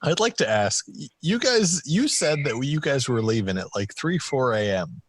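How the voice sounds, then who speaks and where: A man with a medium-pitched voice rambles through a travel story on a casual podcast, swearing freely. The recording is dry and close. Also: big pitch swings, moderate pace, no echo. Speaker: podcast co-host. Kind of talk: casual chat.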